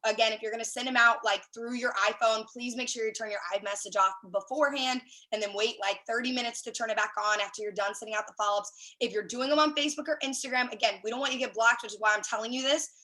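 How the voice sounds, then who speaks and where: Bright, excited woman leading a sales call. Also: a little high, fast talker, hardly any pauses, poor audio. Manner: chatty and excited, many fillers and asides. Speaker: team leader on a sales call. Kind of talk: casual live video-call training. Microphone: video call.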